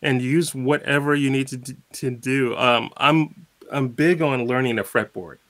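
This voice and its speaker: A man's voice: medium pitch, unhurried, fairly bright tone. A man guest in a casual interview, explaining at an easy pace with plenty of fillers and spoken examples. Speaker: guitarist guest.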